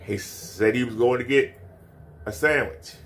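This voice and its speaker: Guy ranting on his stream, mocking, keeps repeating himself, aave, mid-pitched voice. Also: measured pace, a little hiss or hum. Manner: repetitive, mocking. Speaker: commentary streamer. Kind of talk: ranting commentary.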